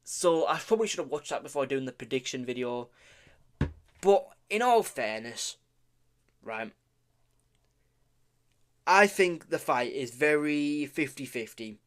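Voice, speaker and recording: A man rambles through his fight picks in a loose, unscripted way. He keeps restarting sentences, fumbles over names, and drops casual swears and jokes. His voice sits at an ordinary middle pitch. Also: animated, a little slow, long pauses. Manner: rambling, self-correcting, stumbles over names; swears casually, offhand humor. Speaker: vlogger making fight predictions. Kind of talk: casual predictions talk.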